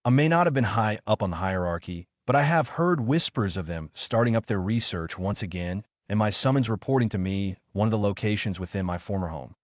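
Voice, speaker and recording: A man voicing a young male ninja who is cool-headed but quick to anger. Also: fairly low pitch, expressive, no room sound, clean studio sound, natural voice. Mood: calm.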